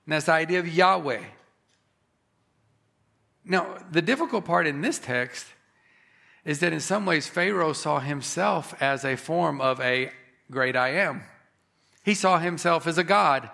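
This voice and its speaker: A man preaching a sermon, emphatic, rising on key phrases and slowing down for effect. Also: fairly high pitch, lively intonation, vocal fry, pushed and bright. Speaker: pastor.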